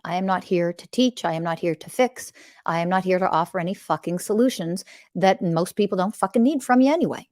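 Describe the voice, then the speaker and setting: A woman's voice: fairly low pitch, normal speed, no room sound, clean studio sound. A woman hosting a spiritual podcast, giving an impassioned, blunt teaching monologue that repeats phrases like mantras and swears for emphasis.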